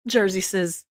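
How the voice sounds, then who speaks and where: A woman's voice: medium pitch, darkish tone, no echo, clean studio sound. A woman with a Southern US accent from Georgia, hosting a livestream in a rambling, casual, chatty way. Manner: rambling and chatty, says "y'all" often. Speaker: livestream host. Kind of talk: casual chat to a live audience.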